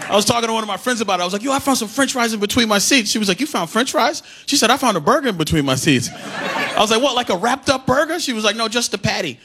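High-voiced stand-up comic man. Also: fast. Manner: animated storytelling with acted-out quotes. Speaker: stand-up comedian. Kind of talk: stand-up comedy set. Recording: live club recording with audible background noise.

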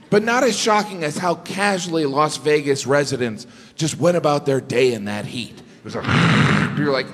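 Male stand-up, high and very animated, live hall recording with roaring crowd. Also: heavy background noise. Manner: animated, bursts into shouted mock panic. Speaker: stand-up comedian. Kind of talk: stand-up routine. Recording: live club recording with loud audience laughter, reverberant hall.

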